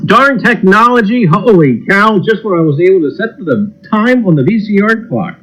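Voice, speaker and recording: A man's voice: high voice, expressive, moderate pace, hardly any pauses, fairly bright tone, poor audio. A man hosting a livestream in a folksy, jokey way, greeting viewers by name and repeating his catchphrases. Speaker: livestream host. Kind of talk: casual livestream chat.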